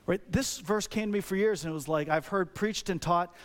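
A fairly high-voiced man preaching a sermon. He speaks like a pastor in conversation with his congregation, tossing out rhetorical questions. His delivery is animated and personal. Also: brisk, hardly any pauses.

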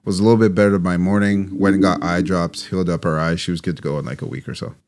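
A fast-talking young man with a low voice co-hosts a podcast. In casual chat he animatedly relates a long story, acting out the quoted lines.

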